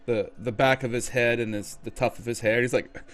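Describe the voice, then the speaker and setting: A laid-back man narrates his character's actions in a soft voice. His voice is mid-pitched. Faint music plays underneath. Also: fairly even intonation, a little fast, no room sound. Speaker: player. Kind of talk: casual tabletop play.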